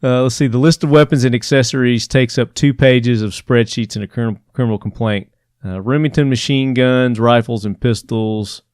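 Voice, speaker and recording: A man's voice: medium pitch, moderate pace, darkish tone, clear, resonant tone, no room sound, clean studio sound. A man hosting a podcast, reading news aloud and mocking it with exasperated asides and laughs. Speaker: podcast host. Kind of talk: casual commentary reading news.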